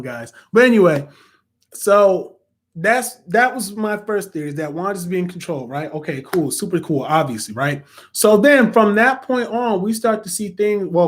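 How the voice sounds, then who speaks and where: A young man hosting a casual spoiler review of a TV episode, excitable and animated, often acting out reactions. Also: sits high. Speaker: reviewer and host.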